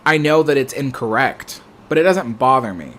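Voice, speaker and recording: American man, livestream host, rambling casual talk, middle pitch, faint hiss behind. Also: animated, normal speed, a bit bright. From United States. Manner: rambling, self-correcting. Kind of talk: casual chat reading viewer comments.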